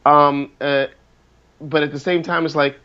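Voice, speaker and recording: A man's voice: on the high side, little pitch movement, unhurried, bright, forceful tone, clean tone, muffled recording. A man, a singer as interview guest, talking casually and rambling with many restarts and fillers.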